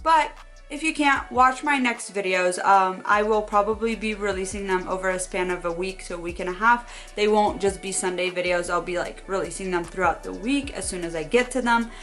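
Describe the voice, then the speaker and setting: A young woman talking to her phone camera in a casual, animated advice vlog, acting out quoted voices now and then. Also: medium pitch, moderate pace, faint music behind. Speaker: vlogger.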